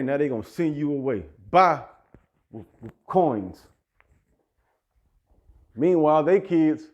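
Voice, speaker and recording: Heated man ranting straight to listeners. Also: fairly high pitch. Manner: loose, heated street talk, addresses listeners directly. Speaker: app business owner. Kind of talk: direct-to-camera rant.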